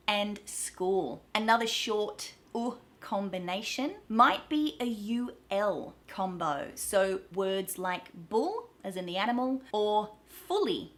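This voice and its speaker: A woman's voice: medium pitch, a bit bright. A woman with an Australian accent teaching pronunciation to camera, upbeat and explaining carefully, drawing out each example word. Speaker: accent coach.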